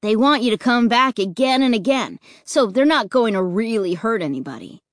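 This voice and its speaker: Lady reading as a hyped-up reckless kid, high and pushy, lots of bounce in the voice. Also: animated, moderate pace, dry recording, clean studio sound, lightly acted. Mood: excited. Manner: eager, high and loud. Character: excited reckless boy, thrill-seeking and gleeful.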